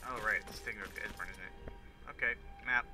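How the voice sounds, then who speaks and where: A man's voice: on the low side, quick pace, over music, rough recording. A man giving casual, profane, rambling commentary while playing a video game. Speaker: let's play gamer.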